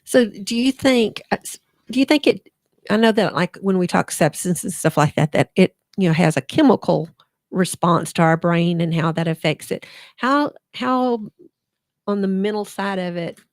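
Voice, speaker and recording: A woman's voice: medium pitch, moderate pace, no echo, clean studio sound. A woman hosting a radio talk show, asking questions hesitantly with frequent restarts.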